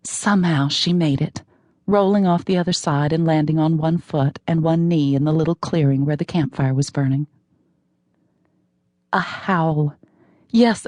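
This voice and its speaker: A woman narrating a novel with wry, measured scripted narration on a close studio microphone. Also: sits low, darkish tone, no room sound. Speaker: audiobook narrator.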